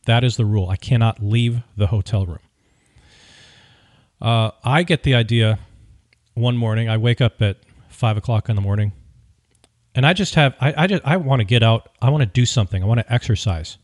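A man tells a story in a wry, opinionated way and keeps it lively. His voice is mid-pitched, and the recording is close and dry with no room sound. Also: normal speed, no echo. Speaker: podcast host. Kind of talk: casual storytelling.

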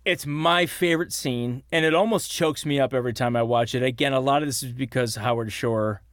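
A man's voice: mid-range voice, fairly quick, no echo, studio quality. A man in his forties, a podcast co-host, eagerly retelling film scenes in casual chat. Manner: animated storyteller, retells scenes with excitement.

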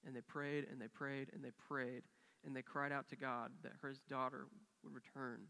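An earnest pastor tells stories in a sermon in a reverberant church sanctuary, acting out quoted dialogue with rising and falling intensity. His mid-range voice is gravelly and sharp, with a flat delivery at a moderate pace.

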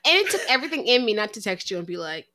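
A woman's voice: mid-range voice, very animated, pushed and bright. A woman co-hosting a podcast, chatting casually and adding jokes to her partner's recap. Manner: chatty, giggly, quick to add jokes. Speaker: podcast co-host reviewing a film. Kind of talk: casual chat.

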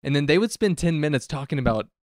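A young man spins a rambling story on a podcast, his pitch swinging up and down as he goes. The sound is dry and close with no room around it. He talks in an easy, chatty way. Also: quick pace, no room sound. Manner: animated, rambling anecdotes with frequent laughs. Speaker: podcast co-host. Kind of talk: casual storytelling chat.

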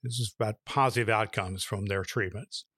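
A man co-hosting a talk show, telling a long joke in a folksy, drawn-out way, now and then shouting the punchlines. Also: fairly low pitch, fairly even intonation, no room sound, studio quality. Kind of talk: casual storytelling.

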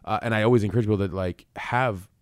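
A man with a very low, smooth voice hosts a podcast interview. He talks quickly and earnestly. The sound is dry, with no room echo. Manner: fast, earnest, encouraging. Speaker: podcast host. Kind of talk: conversational interview.

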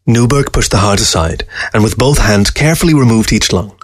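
A man narrating a short story aloud in a calm, steady storytelling manner. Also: mid-range voice, a little fast, no echo, clean studio sound. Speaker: story reader. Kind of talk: audiobook narration.

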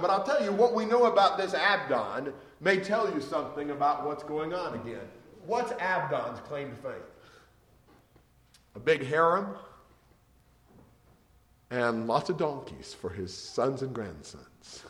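Expressive man teaching scripture. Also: echoey room. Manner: expressive, shifts from loud emphasis to soft lowered voice. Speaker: Bible teacher. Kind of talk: sermon.

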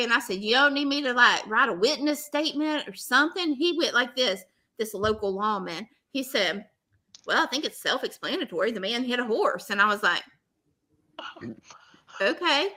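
A woman with a drawl tells a story in casual talk, her pitch rising and falling a lot. Her voice is high and bright, and she voices each person in the story. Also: moderate pace. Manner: animated, laughing, acts out both sides of dialogue.

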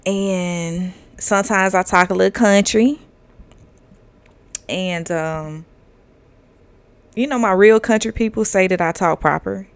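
A woman's voice: mid-range voice, takes it slowly, pauses often, smooth, dry recording. A woman in her thirties hosting a casual podcast monologue, candid and profane, laughing often and drifting through fillers. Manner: loose drawling delivery with fillers. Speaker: podcast host.

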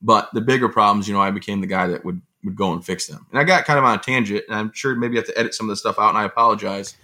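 Fast-talking man with a bright voice. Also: on the low side. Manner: fast, animated storytelling with rambling asides. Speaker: interview guest. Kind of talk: conversational storytelling.

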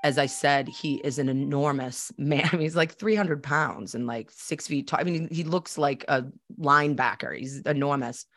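A woman's voice: low-pitched, moderate pace, hardly any pauses, fairly bright tone, no room sound, soft background music. A woman from Boston, a podcast host, telling a personal story in a candid, chatty way and acting out the dialogue.

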